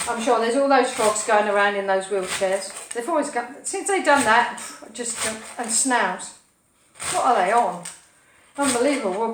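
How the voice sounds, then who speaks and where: A woman's voice: on the high side, reverberant, far from the mic, background noise. A woman hosting a casual live cooking stream from her home kitchen, chatting playfully with viewers as she cooks. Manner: chatty, playful, sing-song asides. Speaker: cooking show host.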